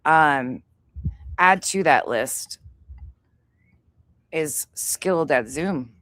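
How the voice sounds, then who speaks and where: Woman co-host, extremely low voice, dry close sound, measured and pointed. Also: animated, a bit bright, no room sound. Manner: measured, pointed, slightly smug. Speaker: co-host guest on commentary stream. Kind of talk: livestream commentary.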